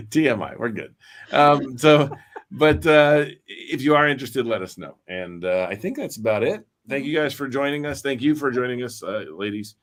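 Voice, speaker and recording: A man's voice: mid-range voice, animated, normal speed, a bit bright. A man hosting a live stream, chatting casually and rambling with many fillers and restarts. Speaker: host.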